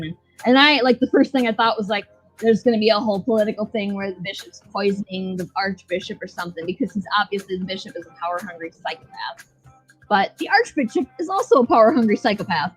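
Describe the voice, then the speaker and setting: A woman's voice: medium pitch, lively intonation, fast talker, husky, soft background music, rough recording. A woman co-hosting a podcast, recapping a show in a casual, profane, rambling way full of fillers. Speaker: podcast co-host.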